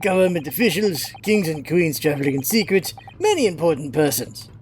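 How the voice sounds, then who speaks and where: A woman doing a gruff Russian sailor guard. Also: deep voice, very animated, brisk, a little mellow, a little hiss or hum. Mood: haughty. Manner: broken English in a heavy put-on Russian accent. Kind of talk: game voice-over.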